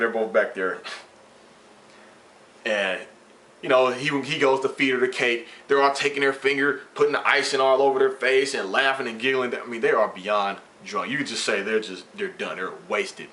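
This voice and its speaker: A man vlogging, casually retelling a workplace story with slang and swearing and acting out the dialogue. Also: mid-range voice. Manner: animated, slangy, profane retelling with quoted dialogue.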